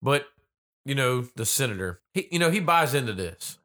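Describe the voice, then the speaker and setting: A man's voice: medium pitch, big pitch swings, moderate pace, sharp tone. A man co-hosting a casual movie-review chat, riffing sarcastically and swearing freely. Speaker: podcast co-host.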